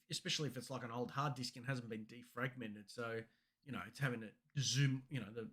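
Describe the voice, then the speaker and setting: A man co-hosts a casual tech chat in an ordinary mid-range voice. He rambles along with restarts and acts out little quoted exchanges. It sounds like easygoing talk between mates. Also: mid-range voice. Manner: rambling, animated storytelling with acted-out quotes. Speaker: podcast co-host.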